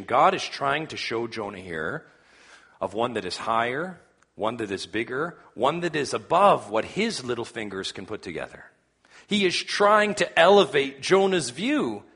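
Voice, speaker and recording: A man's voice: mid-range voice, sharp tone, breathy edge. A man preaching a sermon, reading scripture aloud and rising in earnest emphasis, with a cough now and then. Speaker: pastor.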